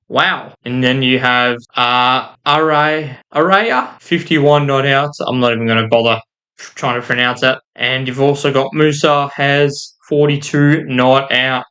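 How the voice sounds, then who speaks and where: A man's voice: mid-range voice, fairly bright tone. A man giving casual commentary while reading out game results, stumbling over names and making self-deprecating asides. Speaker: gaming YouTuber.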